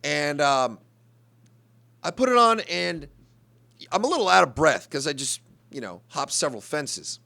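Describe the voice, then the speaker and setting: A young man delivers a comedic monologue in a bright, tense voice with plenty of gravelly fry. He rambles and rants with a profane, exasperated edge. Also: fairly high pitch, sing-song, a little slow, long pauses.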